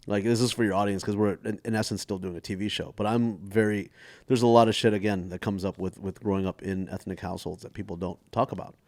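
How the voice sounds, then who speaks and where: A middle-aged man from Texas tells stories in a relaxed, animated way as a comedian guest. His voice sits fairly low and sounds dry and close, with little room around it. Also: quick pace, no echo. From Dallas area, Texas. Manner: animated storyteller who slips into voices and laughs often. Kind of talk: casual storytelling chat.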